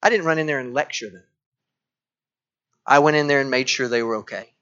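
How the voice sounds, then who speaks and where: A middle-aged man preaching a sermon, dropping to quiet tones and rising again as he acts out voices from the text. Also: medium pitch, a little fast, smooth. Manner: dramatic shifts from quiet to loud, acting out quoted voices. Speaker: pastor. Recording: dull lo-fi sound.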